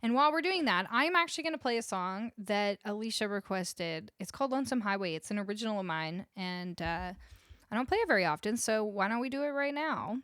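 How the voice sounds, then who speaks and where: A woman's voice: mid-range voice, animated, fairly quick, a bit bright, no room sound. A Canadian woman, a musician, chatting casually with viewers on her home livestream between songs and cooing at her dog, close to a studio mic. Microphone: studio vocal mic close up.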